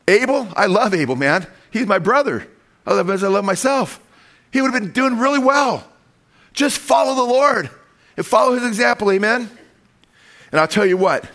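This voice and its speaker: A middle-aged man delivers a sermon, his voice sitting slightly high for a man. He preaches with animated energy, punctuating his points with call-and-response amens. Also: moderate pace. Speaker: pastor.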